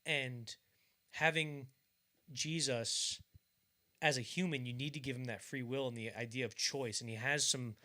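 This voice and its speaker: A young man talking films on a podcast in a loose, rambling way. His voice is bright and somewhat tense, and he keeps trailing off, restarting and slipping into silly impressions of the scenes he describes. The pitch sits in a middle range for a man. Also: steady tone, measured pace. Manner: rambling, filler-heavy, acts out bits of scenes in mock voices. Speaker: podcast co-host. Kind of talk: casual film discussion.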